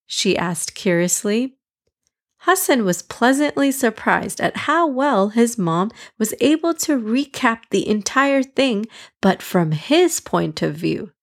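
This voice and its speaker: A woman narrating a children's storybook in an even, measured read-aloud voice. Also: on the high side.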